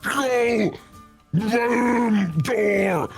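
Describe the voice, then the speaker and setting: Slow, gravelly simple-minded brute who speaks in broken words, played by a man for a tabletop game. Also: sits high, pitched above the performer's own voice, exaggerated voice. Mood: eager. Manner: halting, choppy one-word phrases. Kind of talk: tabletop role-play in character.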